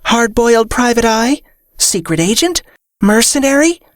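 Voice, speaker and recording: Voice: mid-range voice, lively intonation, dry recording, studio quality, pitched above the performer's own voice, lightly acted. A reader voicing a chirpy female fairy who fires off eager guesses. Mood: bubbly. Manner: bubbly, rapid-fire guessing.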